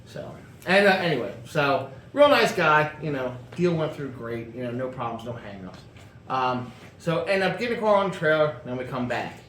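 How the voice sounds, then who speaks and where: His mid-range voice is very animated and a bit bright, at normal speed, with a little hiss or hum on the recording. The host casually rambles through a long personal car story, full of fillers and restarts, in an echoey room with faint ambience.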